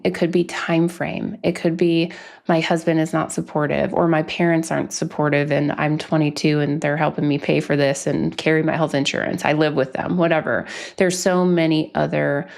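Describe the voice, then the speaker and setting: A woman hosting a podcast, talking in a measured, emphatic way and agreeing often with her guests. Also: deep voice, creaky, a little mellow. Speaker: podcast host. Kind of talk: conversational podcast talk.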